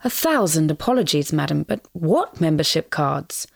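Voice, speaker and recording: A woman's voice: on the low side, sing-song, moderate pace, darkish tone. A woman reader voicing a florid, mock-dignified man who speaks with elaborate, theatrical politeness in a storybook reading. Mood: mock-courteous.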